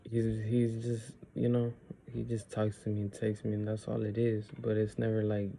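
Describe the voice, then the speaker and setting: A young man pours out his frustrations in a rambling vlog monologue and acts out past arguments. His voice sits low and very dark, and his delivery stays flat with little rise and fall. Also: normal speed, creaky, a little hiss or hum. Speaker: vlogger. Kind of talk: personal venting monologue.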